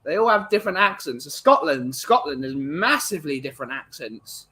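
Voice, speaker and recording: Rambling English male host reading out chat, bright slightly high voice. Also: animated, fairly quick, husky. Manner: chatty, rambling, greets chatters by name. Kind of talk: casual live-stream chat.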